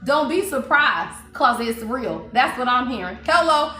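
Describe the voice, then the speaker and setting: A woman's voice: fairly high pitch, animated, unhurried, pushed and bright, roomy sound, soft background music. A woman giving a blunt, profane, preachy spiritual reading on a livestream, laughing often. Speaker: spiritual reader.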